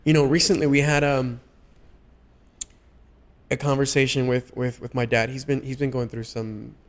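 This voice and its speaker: Young adult man, medium voice, halting heartfelt chat guest with frequent restarts. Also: mid-range voice, little pitch movement. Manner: halting, many restarts and fillers. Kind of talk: casual heartfelt conversation.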